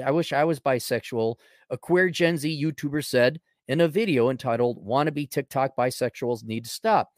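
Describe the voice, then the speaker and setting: A man's voice: a little high, dry recording. Sardonic man mocking news on his podcast, dry sound. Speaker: podcast host. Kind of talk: sarcastic commentary on read-out articles.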